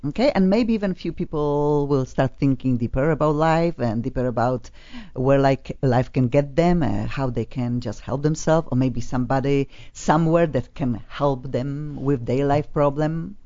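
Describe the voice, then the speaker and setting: A woman's voice: a bass voice, normal speed, dark tone, dull audio. A woman with a foreign accent hosting a casual radio talk show, chatty and effusive as she introduces her guests. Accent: foreign accent in English. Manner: chatty and effusive, laughs often.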